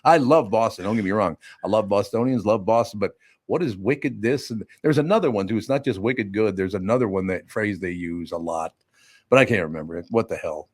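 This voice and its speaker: An older man hosting a podcast, chatting bluntly and telling animated stories with a bit of salty language. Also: lowish voice, fairly quick. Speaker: podcast host. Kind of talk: casual studio chat.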